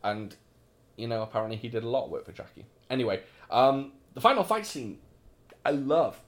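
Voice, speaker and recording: Animated, opinionated man chatting. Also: medium pitch, a little fast. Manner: chatty, opinionated, swears casually. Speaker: podcast co-host. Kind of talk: casual film discussion.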